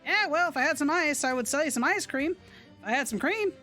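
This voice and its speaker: A folksy male street vendor selling corn from a truck, chatting in easy salesman patter, as a woman reads him out. The voice stays high, with soft music behind it. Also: lively intonation, quick pace.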